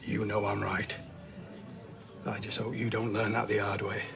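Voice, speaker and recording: A man's voice: medium pitch, a little fast, a crowd in the background, close to an everyday voice. A man playing a scathing dad. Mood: stern. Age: middle-aged. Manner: scathing, crude and cutting. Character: blunt scornful father scolding his grown son.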